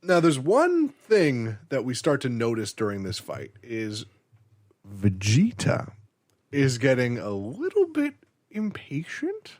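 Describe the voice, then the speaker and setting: A young man co-hosting a podcast, retelling an anime episode in an animated, laughing, swearing way. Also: mid-range voice, slow pace. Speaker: podcast co-host. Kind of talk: casual anime recap chat.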